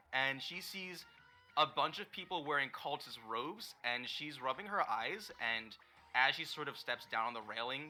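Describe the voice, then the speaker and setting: A man's voice: mid-range voice, pushed and bright. A man narrating a tabletop game as dungeon master, rambling with lots of fillers.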